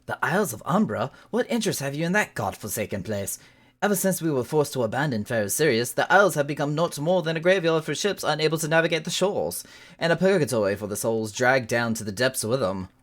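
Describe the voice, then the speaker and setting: Somber, foreboding official, read by a woman, deep-toned. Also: lively intonation, fairly quick. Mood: grim.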